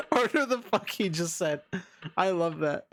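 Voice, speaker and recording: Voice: mid-range voice, big pitch swings, measured pace, gravelly. Young rambling streamer. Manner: rambling, laughing, heavy use of filler words. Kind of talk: casual let's-play commentary.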